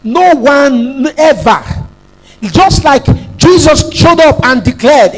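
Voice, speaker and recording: A man's voice: very high voice, lively intonation, slow, low-quality recording. A man preaching a sermon as pastor, emphatic, repeating phrases and prompting the congregation to say lines back.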